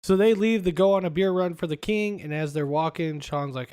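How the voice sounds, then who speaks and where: A podcast host chatting casually and recapping film scenes in an animated retelling, acting out the quoted lines. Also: male voice, high-pitched, brisk, clear, resonant tone.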